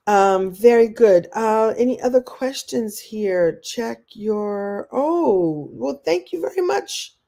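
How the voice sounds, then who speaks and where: Chatty, animated woman coach. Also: mid-range voice. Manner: chatty, animated, acts out quoted voices; laughs often while talking. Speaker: life coach and speaker. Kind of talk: live online masterclass Q&A.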